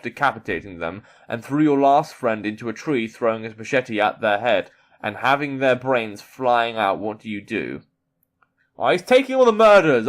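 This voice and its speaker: A man reading an online quiz aloud in character and reacting to it, swearing casually and boasting in mock bravado. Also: mid-range voice. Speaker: YouTuber playing a character persona.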